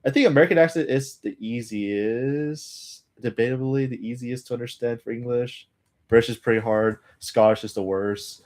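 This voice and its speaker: Male streamer, mid-pitched, loose rambling chat with muttered asides. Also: moderate pace, darkish tone. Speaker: language-learning streamer. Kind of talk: casual live-stream chat.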